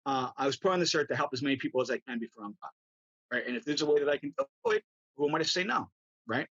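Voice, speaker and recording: Husky man telling stories animatedly. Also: medium pitch, fast, no echo, highs cut off. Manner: animated, acts out quotes, says "right?" often. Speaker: guest, tarot reader. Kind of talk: casual storytelling chat.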